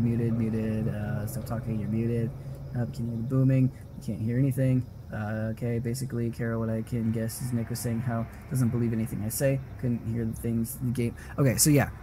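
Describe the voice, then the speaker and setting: Mellow-voiced man rambling through a game stream. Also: mid-range voice, little pitch movement, a little fast, slight background noise. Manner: rambling, self-interrupting and swearing; frequent laughing asides. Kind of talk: casual live gaming commentary.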